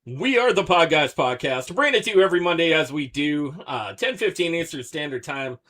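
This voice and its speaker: A man hosting a podcast in a casual chat, laid-back and hesitant, with many pauses and uhs. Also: fairly high pitch, animated, bright, forceful tone. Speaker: podcast host.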